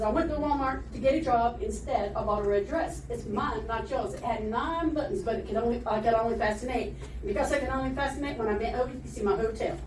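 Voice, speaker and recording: A stand-up comedian from Florida, USA, tells jokes at an open mic night on a comedy club stage, rambling and laughing at her own punchlines. Her voice is fairly high, captured from a distant mic in an echoey room with a noisy background.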